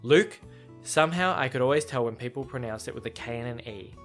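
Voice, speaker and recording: An excitable, chatty man reacting to a book he reads aloud, with a bright, forward voice. His delivery is casual. Faint guitar music plays softly behind him. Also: medium pitch, fast talker. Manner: excitable, chatty, laughs often.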